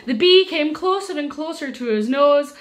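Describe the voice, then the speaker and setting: A Scottish woman telling a story to young children, animated and sing-song, with pauses and chatty asides. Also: high-pitched. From Scotland.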